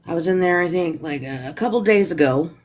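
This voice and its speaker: A guest joining a livestream call, speaking hesitantly and gently with many fillers. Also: mid-range voice, a little fast. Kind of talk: casual chat.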